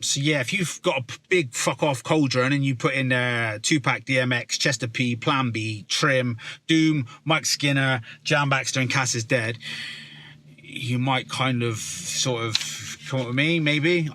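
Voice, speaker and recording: A man with a broad Somerset West Country accent talks to camera in a loose, rambling way, swearing freely and circling back on himself. His voice sits at an ordinary middle pitch and has a bright, forward edge. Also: a little slow, dry recording. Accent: West Country English, Somerset. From South West England. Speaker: rapper. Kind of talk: casual chat to camera.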